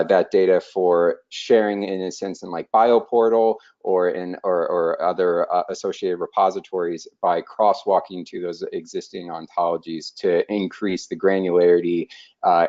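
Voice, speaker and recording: A man's voice: low voice, fairly even intonation, moderate pace, darkish tone. A man giving a technical webinar presentation, hesitant, with many fillers and restarts. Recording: dull lo-fi online call audio.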